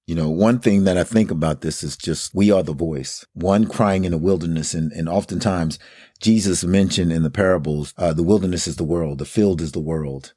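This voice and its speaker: A man's voice: sits low, normal speed, warm tone, breathy edge, no room sound, clean studio sound. A man in a casual Bible study discussion, talking earnestly in a preacherly way and building up lists of phrases. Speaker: co-host of a Bible study talk.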